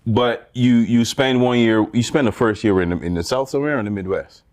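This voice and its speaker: A man from Barbados, a podcast co-host in casual chat, teasing and quick to laugh. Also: medium pitch, darkish tone.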